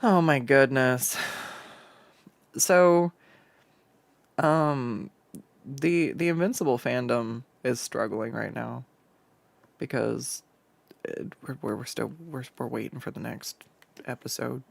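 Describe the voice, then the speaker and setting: Slow, gravelly streamer rambling casually. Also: mid-range voice, no room sound. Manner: rambling, profane, stumbling restarts. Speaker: livestreaming artist. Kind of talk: casual stream chat while drawing. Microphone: desk microphone.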